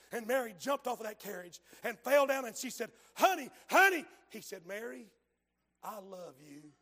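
High, gravelly preacher. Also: male voice. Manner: fervent, dramatic preaching that swings from hushed to shouted. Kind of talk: sermon.

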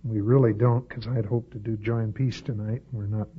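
A man preaching a sermon, swinging from loud, high-pitched peaks to low, quiet asides. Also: steady tone, fairly quick, a little hiss or hum. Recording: dull lo-fi recording.

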